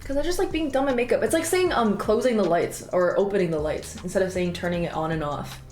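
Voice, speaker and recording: A young adult woman streamer in casual chat, telling stories animatedly with big jumps in pitch, swearing often and laughing. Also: quick pace, darkish tone. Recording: roomy echo with faint background music.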